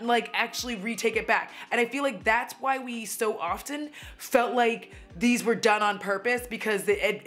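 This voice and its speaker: A woman's voice: a little high, a bit bright. A woman vlogger talking casually at home, blunt and profane as she gets heated on a rant. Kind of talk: casual commentary vlog.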